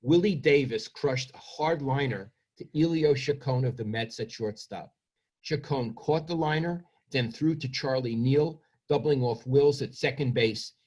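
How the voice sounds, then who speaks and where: A man's voice: medium pitch, unhurried, a little mellow. A man, reading from his book and then talking about himself in a reflective, self-deprecating way. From Brooklyn, New York. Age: 70s. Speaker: author.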